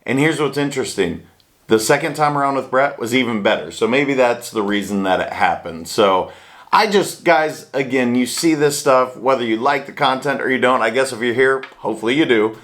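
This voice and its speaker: A man's voice: mid-range voice, brisk, a bit bright. A man hosting a casual chat from a small home studio, upbeat and self-deprecating about his mistakes. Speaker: host.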